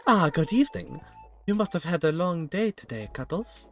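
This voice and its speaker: A man voicing a snooty female eagle villager in a high, prim mock-British manner. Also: animated, moderate pace, fairly bright tone, faint music behind. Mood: haughty.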